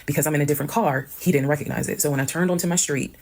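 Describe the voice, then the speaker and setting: Woman telling her own story, talks fast, gravelly fry in the voice, plays out what people said. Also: deep voice, fairly even intonation, darkish tone. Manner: brisk, matter-of-fact recounting, acting out quoted people. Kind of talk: casual storytime monologue.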